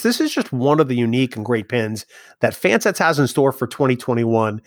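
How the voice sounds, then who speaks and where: A man co-hosting a casual podcast, friendly and teasing, often halting with small fillers as he introduces the episode and reads ads. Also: medium pitch, dry recording, clean studio sound. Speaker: podcast co-host.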